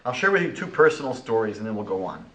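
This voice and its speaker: A man giving a lecture as a rabbi, animated and rhetorical, retelling conversations. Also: lowish voice, fast talker, roomy sound, rough recording.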